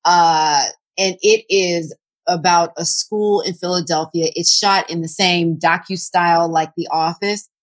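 A woman co-hosting a casual chat, talking in a relaxed, chatty way with enthusiastic recommendations. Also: lowish voice, measured pace. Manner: teasing, then enthusiastic recommending.

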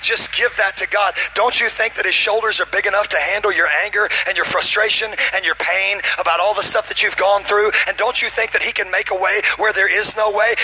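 A man preaching a sermon to his congregation in a church, building to shouted climaxes and bantering playfully with the people in the pews. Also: sits high, husky, rough recording. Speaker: pastor. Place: church auditorium.

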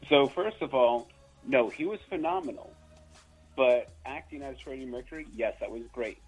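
A man's voice: mid-range voice, moderate pace, slightly rough, soft background music, rough recording. A man calling in to a talk show, giving his opinions in a hesitant, hedging way. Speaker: caller. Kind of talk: casual call-in chat. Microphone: phone.

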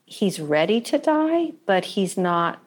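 A woman in reflective conversation who speaks thoughtfully and hesitantly, with many pauses and fillers. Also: mid-range voice, very animated.

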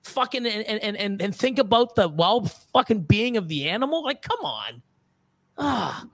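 A man's voice: sits high, big pitch swings, moderate pace. A middle-aged man in a casual podcast conversation, ranting angrily and profanely with many restarts and repeated words. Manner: angry, profane, heated ranting with frequent restarts. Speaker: podcast guest, reptile breeder.

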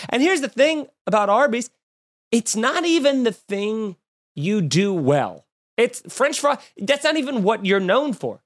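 A man hosting a podcast in casual comedic chat, riffing sarcastically with animated mock quotes. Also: sits high. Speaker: podcast host.

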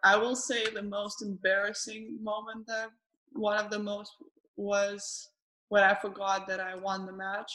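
A woman hosting a relaxed interview at an average pitch. She speaks haltingly, restarting her phrases and correcting herself as she goes. She laughs easily while telling her own stories. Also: low-quality recording. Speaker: podcast host. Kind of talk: casual conversational interview.

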